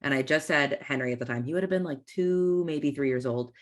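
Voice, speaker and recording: Brief: lower-voiced woman host, chatty and earnest, telling parenting stories. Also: brisk. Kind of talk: casual interview chat.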